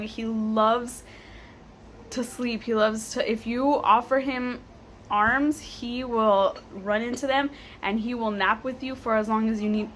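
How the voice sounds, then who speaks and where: A young woman in her twenties telling a personal story to camera, animated and laughing, with casual swearing. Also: fairly high pitch, slight background noise. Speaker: vlogger.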